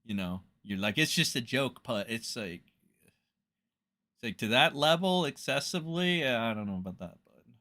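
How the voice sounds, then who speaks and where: Guy ranting and cursing on a stream, bright voice, mid pitch. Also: expressive, moderate pace, long pauses. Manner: profane ranting, loose fillers. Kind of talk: casual livestream rant.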